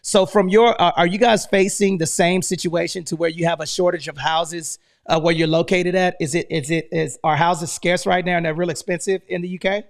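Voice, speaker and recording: An energetic male host on a live stream, full of slang and hype, who keeps tacking "man" onto his lines. His voice sits high, with a gravelly edge. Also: brisk, hardly any pauses. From United States.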